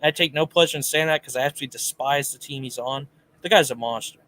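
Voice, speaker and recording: A man's voice: medium pitch, fast talker, bright, forceful tone, a little hiss or hum. A man co-hosting a casual live sports talk show, reading viewer comments and giving his picks in a chatty way. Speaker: podcast co-host.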